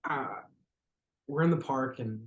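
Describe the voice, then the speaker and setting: A man with a mid-range voice, appearing as a podcast guest, tells a story reflectively and conversationally, searching for the right words. His phrasing is hesitant, with frequent "like" and many pauses and restarts. The recording sounds muffled, with a noticeable roomy echo.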